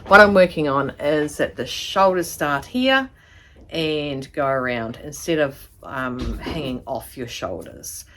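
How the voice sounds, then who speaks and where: A woman's voice: sits low, expressive, slow, fairly bright tone, slight background noise. A woman with a New Zealand accent giving a chatty, rambling sewing tutorial to a camera in her home studio. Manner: chatty, rambling, fond of asides. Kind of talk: casual tutorial chat to camera.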